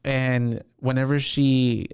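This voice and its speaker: Smooth-voiced man recapping a film casually. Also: mid-range voice, takes it slowly, no room sound, studio quality. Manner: relaxed, rambling, many fillers. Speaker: podcast co-host.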